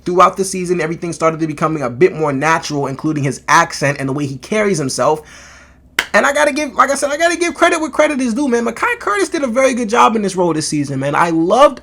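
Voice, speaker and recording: A man's voice: high-pitched, creaky. A man giving a casual, emphatic video review of a TV series, swearing freely and getting worked up. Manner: animated, emphatic, profane. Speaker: TV show reviewer.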